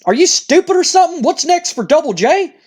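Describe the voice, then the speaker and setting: A man's voice: very high voice, very animated, a little fast, a little mellow, pitched above the performer's own voice. A man voicing a cocky, arrogant male pro wrestler with a brash, sneering drawl.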